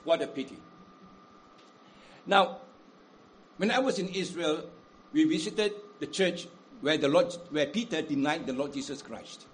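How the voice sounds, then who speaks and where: Man preaching, high voice, dramatic swings in loudness, faint background noise. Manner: dramatic, big swings in loudness, slows down for emphasis. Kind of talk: sermon.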